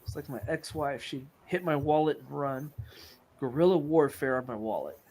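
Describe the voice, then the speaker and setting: A man's voice: mid-range voice, animated, normal speed, darkish tone, slight background noise. A man in casual chat, rambling through a joke with many restarts.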